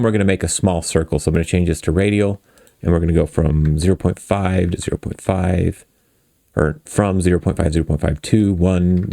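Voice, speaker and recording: Low gravelly guy explaining game code, laid back, chatty, pokes fun at himself. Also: dry recording, studio quality. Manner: relaxed, chatty, self-deprecating. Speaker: game dev tutorial host. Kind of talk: casual screen-recorded coding tutorial.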